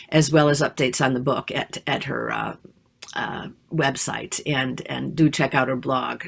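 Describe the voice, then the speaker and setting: A woman hosts an online live show in a notably low, deep voice. She speaks in an upbeat, chatty way, full of ums and uhs. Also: vocal fry. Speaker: host.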